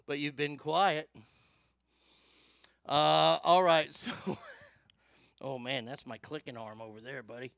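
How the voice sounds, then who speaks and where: Stammering Southern host, gravelly. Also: male voice, mid-range voice, measured pace, fairly bright tone, no room sound, studio quality. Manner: profane, rambling, stammering. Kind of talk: casual commentary.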